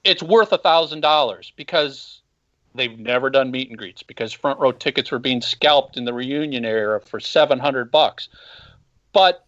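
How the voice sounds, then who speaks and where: A man's voice: mid-range voice, moderate pace, a bit bright. Blunt, opinionated man on a muffled call-in line. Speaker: podcast host and former band marketer. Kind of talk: casual call-in interview. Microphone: phone call.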